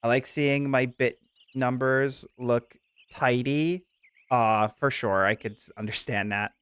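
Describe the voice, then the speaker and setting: A man streaming a game, chatting casually with viewers in an animated, giggly way. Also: mid-range voice, a little slow, clean tone, no echo.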